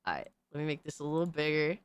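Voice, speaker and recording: A woman livestreamer in casual, profane chat, excitably reacting to videos and thanking viewers by name. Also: low-pitched, fast, clean tone, no echo.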